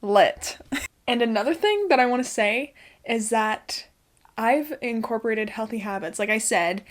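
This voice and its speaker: A young woman talking to camera in a casual, chatty way, swearing freely and laughing often as she shares her routines from home. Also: fairly high pitch. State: out of breath. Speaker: spiritual lifestyle vlogger.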